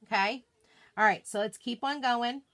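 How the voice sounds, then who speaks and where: A woman with a somewhat high voice talks her way through a live craft demo. She is bubbly and chatty, gushing one moment and muttering softly to herself the next as she concentrates on her work. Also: normal speed. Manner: bubbly, chatty, self-deprecating, often drops to a murmur while working. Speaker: craft livestream host.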